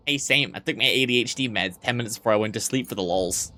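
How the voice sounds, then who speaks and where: A man's voice: mid-range voice, brisk, bright, forceful tone. A man live-streaming and joking crudely with his chat, sleep-deprived yet weirdly awake, in a playful teasing manner.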